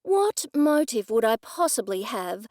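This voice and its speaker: Woman narrator doing an indignant woman sleuth, snappish and defensive, high and loud, dry sound. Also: very animated, a little slow, no room sound. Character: indignant middle-aged woman amateur sleuth.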